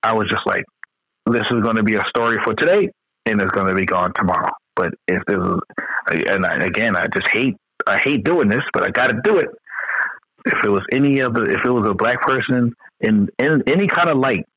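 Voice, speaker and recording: A man chatting casually on a podcast, heated and emphatic with lots of swearing. His voice sits at an ordinary pitch. The recording is dry and a little dull. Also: fairly quick, sharp tone, breathy edge, dry recording. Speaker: podcast co-host. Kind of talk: casual profane chat.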